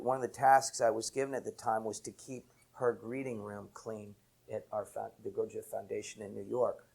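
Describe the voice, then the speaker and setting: A man's voice: on the low side, gravelly, breathy edge. A man, an enneagram teacher, telling a reflective story with bursts of laughter. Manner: animated anecdote with laughter.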